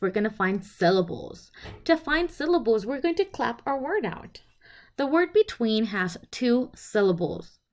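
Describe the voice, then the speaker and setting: A woman presenting a phonics lesson, speaking clearly and sounding out each letter and sound one at a time. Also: on the high side. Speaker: teacher presenting a literacy lesson. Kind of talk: instructional presentation.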